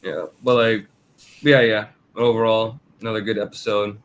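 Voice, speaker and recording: A man co-hosts a casual review chat on a podcast, speaking at normal speed with fairly even intonation. He laughs often and acts out character quotes by raising his pitch.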